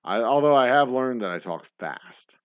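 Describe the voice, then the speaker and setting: Guy on a livestream, a bit slurred, talks fast, dull dry audio. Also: medium pitch, animated, clear, resonant tone, dry recording. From Texas. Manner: fast-talking, rambling. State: tipsy, slurring. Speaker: livestream host. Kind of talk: casual livestream chat.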